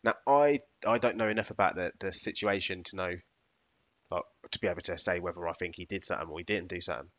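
A man co-hosting a podcast, animated and quick to laugh, with rambling asides. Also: deep voice. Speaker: podcast co-host. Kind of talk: casual banter. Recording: dull lo-fi recording.

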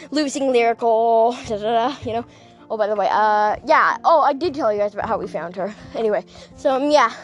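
A woman with a bright, high voice chats her way through a story on her own podcast. She wanders off track, laughs at herself and trips over her words. Soft music plays faintly beneath her. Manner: rambling, giggly, full of fillers and self-interruptions. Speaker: podcast host. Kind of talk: casual storytelling chat.

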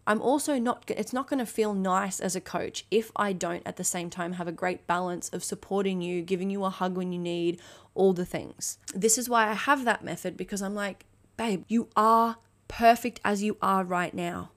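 A woman's voice: medium pitch, moderate pace. A woman coach giving a motivational solo podcast talk, blunt and emphatic, swearing freely and checking in with "okay?". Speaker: fitness and mindset coach.

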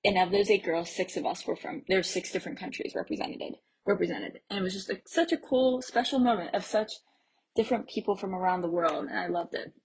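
Young woman, very breathy airy voice, casual chatty storytelling, lots of "like", mid pitch. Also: fairly quick, a little mellow, low-quality recording. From Pennsylvania, US. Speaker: travel vlogger.

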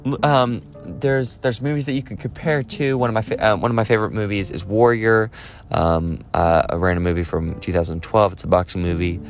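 Deep-voiced man rambling casually. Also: steady tone, a little fast, soft background music. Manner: rambling, full of fillers and restarts. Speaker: movie vlogger. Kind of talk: casual chat.

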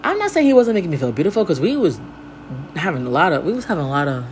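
A young woman speaks candidly and bluntly about her own life, cursing often and circling back with lots of fillers. Her pitch leaps high and drops low as she talks. A faint hiss sits under the voice. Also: sing-song, rapid-fire, darkish tone, low-quality recording. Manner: casual, blunt, swears freely, rambling with fillers. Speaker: podcast host. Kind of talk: candid personal storytelling.

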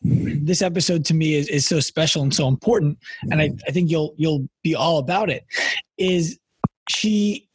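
A man's voice: a little high, normal speed, husky, no echo. A man in his thirties hosting a podcast, chatting casually and telling a story with frequent restarts. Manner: storytelling, repeats words when starting sentences. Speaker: podcast host. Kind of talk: casual interview chat.

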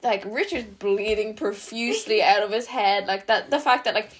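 A woman's voice: mid-range voice, normal speed. A young woman, co-hosting a podcast and casually retelling a true-crime story, full of swearing, laughter and "like" fillers. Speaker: podcast co-host.

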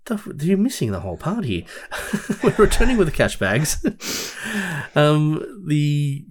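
A man's voice: on the high side, sing-song, a little slow. A man co-hosting a podcast, recapping a film in rambling casual chat full of fillers and restarts. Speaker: podcast co-host.

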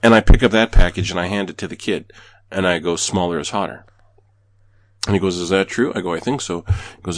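Male podcast co-host, lowish voice, easygoing anecdotal storyteller, dry close recording. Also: fairly quick, dry recording. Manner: laid-back anecdotal storyteller. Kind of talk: casual chat.

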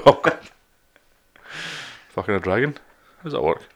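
A man co-hosting a podcast, teasing and interrupting in casual chat with halting restarts. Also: fairly low pitch, sing-song. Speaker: podcast co-host.

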